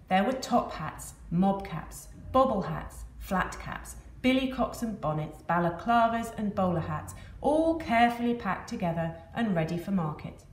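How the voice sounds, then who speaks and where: Expressive female storyteller, children's tale, roomy echo. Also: mid-range voice, slight background noise. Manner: lively, expressive, repeating rhythmic lists. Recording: echoey room, faint ambience.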